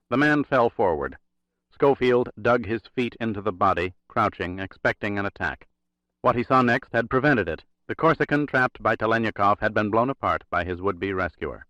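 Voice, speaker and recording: A man narrating a thriller audiobook in a steady, measured reading. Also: fairly low pitch, no room sound. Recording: dry, slightly dull recording.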